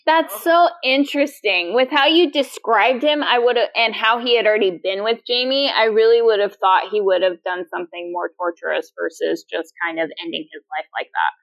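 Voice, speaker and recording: A woman's voice: mid-range voice, normal speed, hardly any pauses. A woman co-hosting a podcast, recapping scenes in a casual chat and acting out quoted lines with laughs. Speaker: podcast co-host.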